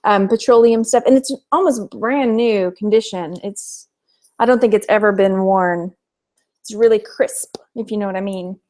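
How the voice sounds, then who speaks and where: A woman's voice: medium pitch, normal speed, a little mellow. A woman from Texas who hosts a casual live stream as a reseller. She chats about her finds and laughs often.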